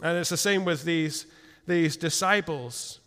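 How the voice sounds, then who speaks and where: A man preaching a sermon in a church hall, telling the story in a lively way and slipping into quick voiced asides, often restarting his words. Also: on the high side. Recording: long hall reverb.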